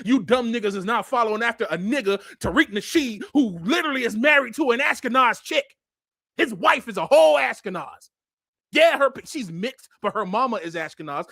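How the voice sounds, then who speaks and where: A man's voice: very high-pitched, bright, forceful tone, no echo, studio quality. A man giving a heated, blunt online monologue while walking through a map, repeating himself and going off on tangents. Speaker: online commentator.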